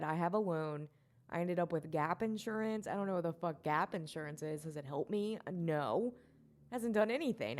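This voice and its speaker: Low-voiced rambling woman podcaster. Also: darkish tone. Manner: rambling, self-mocking, swears, laughs often. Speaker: podcast host. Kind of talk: solo podcast rant.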